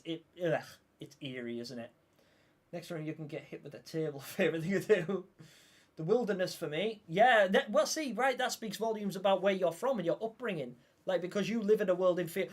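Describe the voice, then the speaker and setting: A man chatting casually while livestreaming a horror game and reading chat. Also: on the high side. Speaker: streamer.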